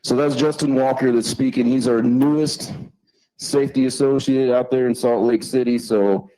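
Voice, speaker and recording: A man's voice: medium pitch, steady tone, moderate pace, warm tone, low-quality recording. A man hosting a live company safety meeting, introducing speakers in a friendly, conversational way. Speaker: meeting host.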